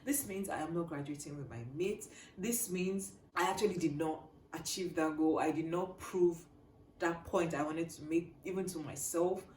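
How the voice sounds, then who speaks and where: Animated young woman, roomy sound. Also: on the low side, moderate pace, slight background noise. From Nigeria. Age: young adult. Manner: animated, swings from quiet to loud. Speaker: vlogger. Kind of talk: personal storytelling to camera.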